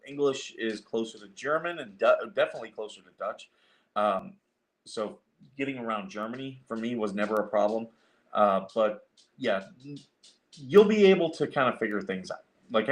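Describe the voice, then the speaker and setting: A man hosting a casual chat show, telling a rambling story with lots of fillers and restarts. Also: on the low side. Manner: rambling, many fillers and restarts, acts out quoted voices. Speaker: show host.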